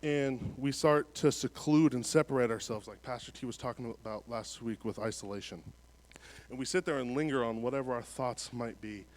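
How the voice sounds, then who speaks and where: A man at mid pitch delivering a sermon in a church. He reads scripture steadily, then explains it in a relaxed, conversational way. His volume rises and falls between quiet asides and stronger emphasis. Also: normal speed. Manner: swings between soft, low passages and louder emphatic ones. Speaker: preacher.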